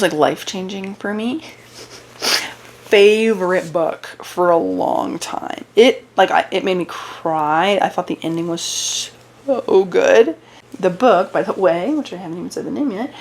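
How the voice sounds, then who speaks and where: Young woman, slightly low voice, losing her voice, casual book chat, rambling. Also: a little mellow. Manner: chatty, rambling with fillers and restarts. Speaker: book vlogger.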